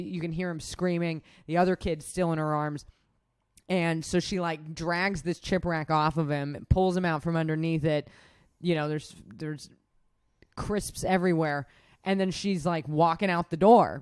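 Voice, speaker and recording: A woman's voice: fairly low pitch, a little mellow, clear, resonant tone, no echo. Woman rambling through a profane story. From Nevada, USA. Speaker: podcast co-host. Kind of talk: casual chat, storytelling.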